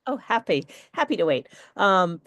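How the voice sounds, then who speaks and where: A woman attendee asking a thoughtful question on a video call in a polite, measured way. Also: mid-range voice, very animated, fairly bright tone, dry recording. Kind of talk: webinar question.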